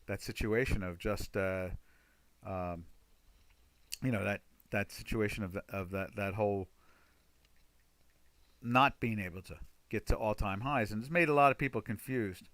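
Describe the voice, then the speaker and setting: Low-voiced man talking markets. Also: moderate pace, long pauses, a bit bright, dry recording. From United States. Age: older. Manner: rambling, many fillers and restarts. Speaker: trading webinar host. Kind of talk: casual market commentary over charts.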